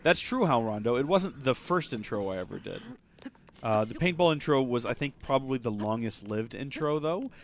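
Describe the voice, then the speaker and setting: A man's voice: medium pitch, animated, normal speed, a little hiss or hum. A man hosting a casual gameplay livestream, rambling and self-deprecating as he chats with viewers. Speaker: livestream host.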